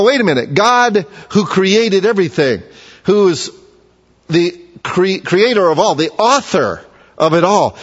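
A man preaching a sermon in an earnest, emphatic way, with long pauses, recorded in a church sanctuary. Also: high voice. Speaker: pastor. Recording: dull lo-fi sound with long hall reverb.

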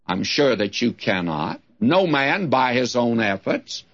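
Slow and deliberate, an older man reads scripture aloud and then explains each passage plainly as he teaches. His mid-range voice is a bit bright and swings widely in pitch, captured on a dull, lo-fi sermon recording.

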